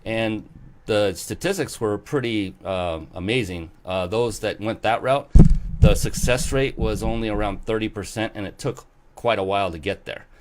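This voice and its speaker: A man with a somewhat low voice hosts a casual interview show. He talks eagerly and rambles, filling his sentences with "uh" and quick restarts. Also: slight background noise. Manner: enthusiastic, rambling with many fillers. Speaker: show host.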